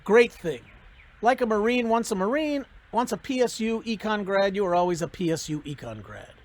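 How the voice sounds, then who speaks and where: Brief: academic giving a recorded commencement speech, animated, storytelling. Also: mid-range voice, normal speed.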